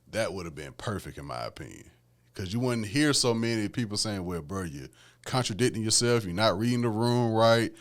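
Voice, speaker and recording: A man hosting a podcast alone, talking about music in a laid-back, conversational way and often adding "man" and "you know what I'm saying". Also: on the low side. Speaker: podcast host. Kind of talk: casual solo music commentary.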